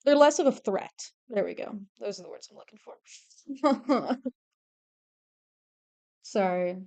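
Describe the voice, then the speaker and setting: A young woman streamer chatting casually while she draws, excitable and swearing freely. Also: fairly high pitch, takes it slowly, pauses often. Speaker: artist streamer. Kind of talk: casual chat while drawing.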